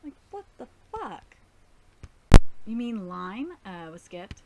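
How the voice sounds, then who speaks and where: A woman's voice: mid-range voice, sing-song, slow, very noisy. A woman hosting a live anime reaction, talking in an exasperated, nitpicky way and swearing often. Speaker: host.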